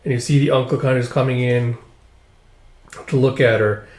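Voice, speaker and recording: Narrating casually as he reads, a manga reviewer walks through the story in a relaxed, filler-heavy way. His mid-range voice is steady and a little mellow, delivered at normal speed in a room with noticeable echo.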